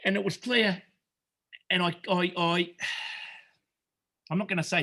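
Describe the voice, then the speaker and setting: A man's voice: high-pitched, steady tone, measured pace, pauses often, sharp tone. A middle-aged Australian man telling his story as a podcast guest, earnest and rambling, swearing often and calling people mate. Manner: rambling with many restarts. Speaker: podcast guest, retreat founder. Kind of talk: emotional storytelling.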